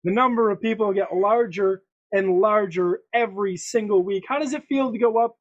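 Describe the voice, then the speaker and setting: A man's voice: high-pitched, moderate pace. A man hosting a sports prediction podcast, chatting casually in a presenting style, often restarting his sentences. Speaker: podcast host. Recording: dull lo-fi sound.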